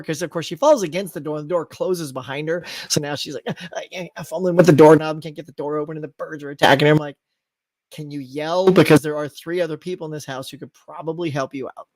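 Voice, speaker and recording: A middle-aged man hosts a live stream, reading out viewer comments as he chats. He talks in an animated way and now and then breaks into loud acted-out outbursts. His voice sounds dry and close, with no room around it. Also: on the high side, brisk, dry recording. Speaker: host.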